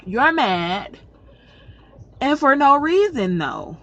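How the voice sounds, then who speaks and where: A woman's voice: high-pitched, sing-song, slow, fairly bright tone. Blunt, exasperated woman telling a story. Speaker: vlogger. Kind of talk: casual storytime vlog. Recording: slightly muffled with faint background noise.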